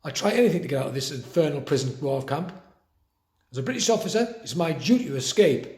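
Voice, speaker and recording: A man voicing a blustery old male wartime pilot in a brisk, commanding way. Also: on the high side, lively intonation, darkish tone, lightly acted. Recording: roomy echo.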